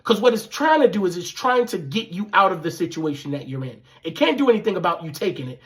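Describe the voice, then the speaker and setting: A man telling a personal story casually, animated and profane, acting out the dialogue. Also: high voice, brisk. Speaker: vlogger.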